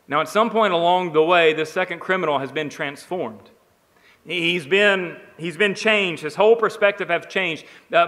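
A man preaching a sermon, emphatic, building on repeated phrases and swinging between quiet, slow lines and raised ones. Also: sits high, big-room sound. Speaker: pastor.

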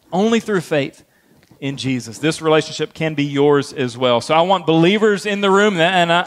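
A man's voice: on the high side, fairly bright tone. A man preaching a sermon as pastor to his church, earnest, with frequent fillers and repeated key phrases. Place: church sanctuary.

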